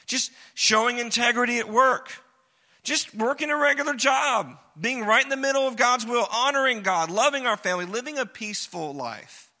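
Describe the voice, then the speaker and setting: A man's voice: high-pitched, pushed and bright. A man preaching a sermon as pastor, talking in a conversational, joking way with emphatic repetition. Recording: long reverb of a hall.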